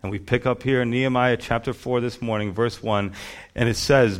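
A male pastor preaching a sermon in an emphatic, rhythmic way, building his points through lists. His pitch sits in the middle range for a man. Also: fairly even intonation, moderate pace.

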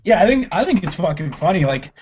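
Casual podcast co-host, man, slightly high voice, laid-back and profane, muffled lo-fi audio. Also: sing-song, fast, a little mellow, a little hiss or hum. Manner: laid-back, swears freely, laughs often. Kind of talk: casual chat about comedy films. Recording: lo-fi dull audio.

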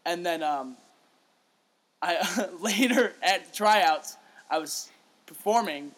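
A young man with a slightly high voice tells a story in casual podcast chat. He is animated, swears freely and laughs often. He acts out the quotes as he goes. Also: slow pace. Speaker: podcast co-host.

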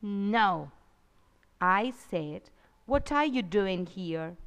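A woman's voice: medium pitch, lively intonation, very slow, fairly bright tone, smooth, voice pushed down, exaggerated voice. Storybook witch, female, cross and bossy, woman voicing, long echo around her. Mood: snappish. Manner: snappish, orders others about. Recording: long reverb.

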